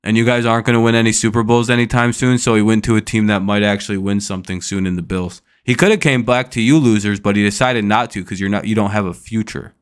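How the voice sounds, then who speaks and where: Young man, live-stream host, smooth clear voice, casual and profane, irritated ranting. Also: lowish voice, fairly even intonation, fast, hardly any pauses.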